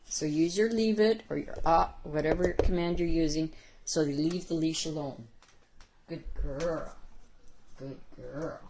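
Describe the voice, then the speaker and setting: A woman dog trainer explaining steps in a calm, patient way, recorded indoors at home. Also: deep voice, slight background noise, poor audio. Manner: calm, patient, slow-spoken, praises the dog softly. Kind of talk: instructional video narration.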